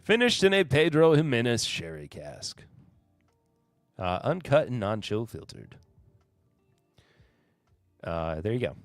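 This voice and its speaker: A man's voice: medium pitch, sing-song, takes it slowly, long pauses, dry recording, studio quality, soft background music. A man hosting a casual live-stream whiskey podcast, reading new bottle labels aloud in a rambling, sarcastic, self-deprecating way. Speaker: podcast host.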